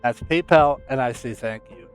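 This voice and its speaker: A man's voice: mid-range voice, normal speed, clear, resonant tone, faint music behind. An American man streaming, talking in a rambling, casual way with some swearing. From United States. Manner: rambling, profane, self-promoting.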